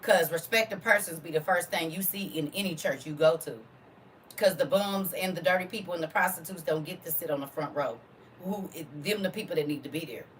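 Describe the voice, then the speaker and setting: A woman's voice: lowish voice, brisk, fairly bright tone, distant mic, slight background noise. A woman preaching to a congregation in a fervent, informal way, full of rhetorical questions and casual vernacular.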